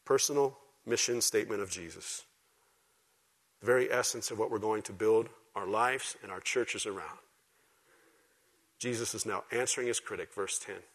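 A man preaching a sermon to a church congregation, swinging from loud, emphatic exhortation to quiet, intimate asides. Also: lowish voice, moderate pace, pauses often. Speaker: pastor. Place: church service before a congregation.

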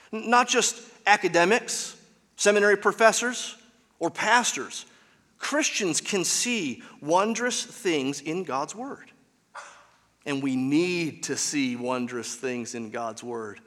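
A man's voice: fairly high pitch, a bit bright, in a large hall. A man preaching a sermon as pastor, with an emphatic, repetitive cadence, recorded in a church.

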